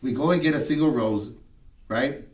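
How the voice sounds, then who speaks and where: A man's voice: mid-range voice, moderate pace, a little mellow, reverberant, far from the mic. A man in recovery telling a personal story in a casual podcast chat, acting out what people said and often asking "you know what I mean".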